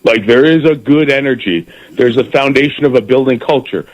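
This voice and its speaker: On this rough recording, a middle-aged man who broadcasts football appears as a radio interview guest. He chats in a lively way, often repeating words as a thought gets going, speaking in a mid-range voice at a slightly fast pace.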